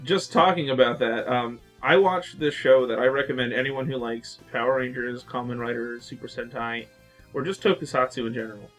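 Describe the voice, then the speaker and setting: A man co-hosting a casual podcast chat, rambling excitedly with lots of fillers and acting out quotes in voices. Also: medium pitch, a little fast, soft background music. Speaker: podcast co-host.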